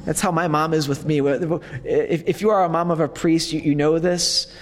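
A man preaching at a retreat in a conversational manner, with warm humor in his asides. His voice sits a little high for a man. The sound carries a long reverb, as in a large hall. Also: steady tone, moderate pace, slight background noise. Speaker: priest. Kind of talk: retreat talk.

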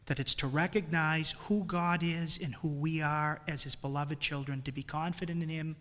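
A man's voice: on the high side, fairly even intonation, normal speed, fairly bright tone, long reverb tail. A man with a New England accent preaching a retreat sermon, swelling emphatically on key phrases. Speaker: priest leading a retreat.

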